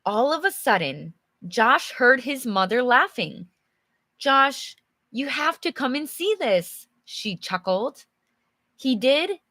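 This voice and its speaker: A native English-speaking woman teaching learners on a live stream, reading a storybook aloud and chatting with viewers, friendly and quick to laugh. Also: a little high, fairly bright tone, no room sound, studio quality. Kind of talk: slow, clear live teaching and read-aloud.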